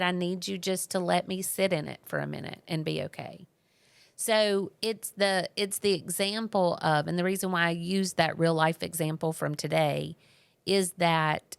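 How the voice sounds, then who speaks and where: A woman's voice: fairly low pitch, gravelly, clear, resonant tone, dry recording. A woman co-hosting a marriage podcast, telling a personal story in an earnest, conversational way. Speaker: podcast co-host. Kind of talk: casual marriage podcast talk.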